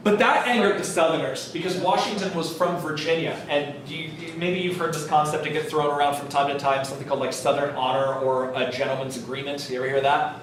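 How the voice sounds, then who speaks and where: A man's voice: a little high, steady tone, quick pace, few pauses, noisy background. A man giving a college history lecture in a casual, jokey way, acting out historical figures. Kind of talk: classroom lecture. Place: college classroom. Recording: echoey classroom from far off.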